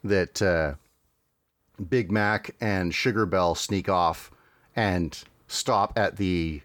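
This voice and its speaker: A man's voice: low-pitched, takes it slowly, a bit bright, dry recording. A man hosting a podcast, chatting casually with many fillers and restarts. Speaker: podcast host.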